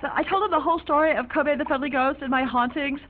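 A woman plays a chatty, offbeat young woman on a phone call, her high voice spilling out odd, fancy slang. The sound is narrow and phone-like, with a faint hiss behind it. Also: quick pace, lightly acted. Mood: breezy. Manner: rambling, quirky, odd ornate slang. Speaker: young woman calling a friend. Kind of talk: one-sided phone call monologue in an audio drama.

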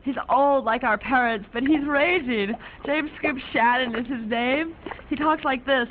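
A woman's voice: high voice, measured pace. A woman playing a rambling free-spirited young woman. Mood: breezy. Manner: rambling, quirky, odd ornate slang. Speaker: young woman calling a friend. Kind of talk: one-sided phone call monologue in an audio drama. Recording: narrow phone-like sound, faint hiss.

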